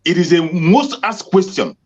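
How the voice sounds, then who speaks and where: A man's voice: sits high, very animated, normal speed, darkish tone, slightly rough. Exhorting Nigerian male host, lo-fi stream. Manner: earnest, exhorting the audience. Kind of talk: hosting an online broadcast.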